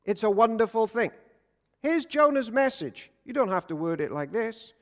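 A man preaching a sermon, an energetic storyteller who swings between loud and hushed. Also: sits high, moderate pace. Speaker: pastor. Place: church. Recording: long church reverb.

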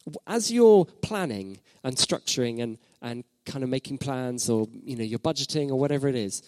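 A man's voice: medium pitch, animated, moderate pace, a little mellow, smooth, no echo. Reflective male pastor preaching. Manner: reflective, repeats phrases for emphasis, asks the listeners questions. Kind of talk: sermon.

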